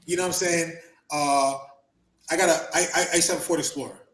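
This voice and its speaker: Guy telling wrestling stories on a podcast, kinda high voice, loose and swearing a lot, echoey room. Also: fast talker, a little hiss or hum. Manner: animated storyteller, swears, laughs often. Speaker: podcast host, former wrestler. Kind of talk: casual chat.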